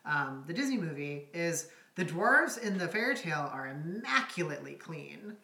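A woman's voice: deep voice, sing-song, normal speed, vocal fry, pushed and bright. A woman in casual chat, wry and blunt, laughing often as she talks through a movie. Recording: echoey room.

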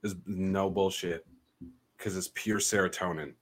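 A man's voice: sits low, steady tone, a little slow. A man co-hosting a podcast, chatting casually, joking and swearing freely. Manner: joking, swears freely, laid-back storytelling. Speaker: podcast co-host.

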